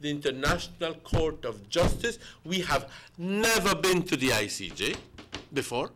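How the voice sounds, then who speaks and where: Male guest, pitched a bit high, punchy and insistent, hammers each point. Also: sing-song, a little slow, background noise. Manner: emphatic, repeats words for stress. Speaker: guest commentator. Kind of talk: morning show discussion.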